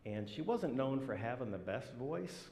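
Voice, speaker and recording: A man's voice: mid-range voice, very animated, measured pace, creaky, a little mellow. A male minister giving a sermon in a church, telling stories in a humorous, folksy way. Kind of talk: sermon with storytelling. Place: church sanctuary. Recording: echoey church hall reverb.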